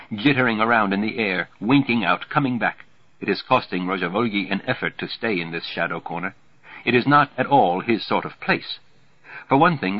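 A man narrating a novel aloud in a dry, wry, steady manner. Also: lowish voice, breathy edge. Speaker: audiobook narrator. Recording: dull lo-fi recording.

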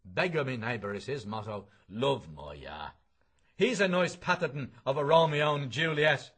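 A man reading the part of a scornful old nationalist in a pub, slow and pointed. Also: medium pitch, lively intonation, fairly bright tone, breathy edge, voice pushed up.

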